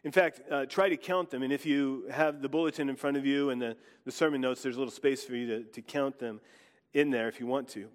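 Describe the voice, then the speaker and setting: A man's voice: mid-range voice, steady tone, a little fast, long reverb tail. A man preaching in a church, guiding his congregation in a conversational way. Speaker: pastor. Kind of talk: sermon.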